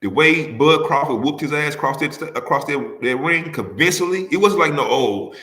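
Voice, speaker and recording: A man's voice: on the high side, moderate pace, bright, forceful tone, roomy sound. A man hosting a casual sports talk livestream, arguing heatedly with rival fans, repeating himself and firing rhetorical questions at the audience.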